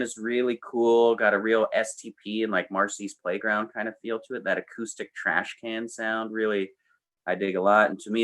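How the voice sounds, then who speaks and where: A man co-hosting an album review show, chatting enthusiastically about a record with lively swings in his voice. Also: lowish voice. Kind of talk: casual opinionated music chat.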